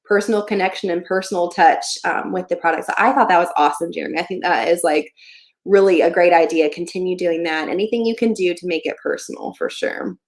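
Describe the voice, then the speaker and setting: A woman's voice: lowish voice, fast talker. A young woman hosting a casual livestream Q&A, chatting in a friendly way and often saying "um" and "like". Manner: chatty, friendly, many fillers like "um" and "like". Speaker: livestream host giving online shop advice.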